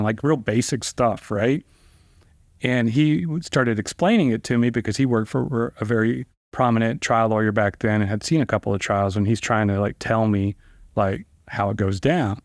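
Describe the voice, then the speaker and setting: A middle-aged man, a trial attorney guest, telling stories in a loose, conversational way and acting out the dialogue with big pitch jumps. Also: moderate pace, no echo, studio quality. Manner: lively storyteller who acts out quoted dialogue with sharp pitch jumps; loose, conversational phrasing with fillers like "like" and "you know". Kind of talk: casual anecdotal storytelling.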